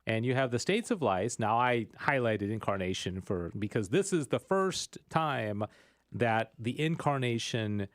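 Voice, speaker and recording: A man hosts a talk radio show from a studio, walking through his subject in a casual, rambling way. His voice swings widely in pitch and sounds animated. The studio sound is dry and close. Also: a little slow, dry recording. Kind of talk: casual teaching chat.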